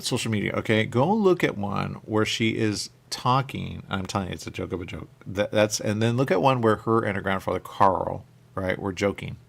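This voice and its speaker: A man's voice: on the low side, vocal fry. A man hosting a radio talk show, rambling casually and thinking aloud with lots of questions.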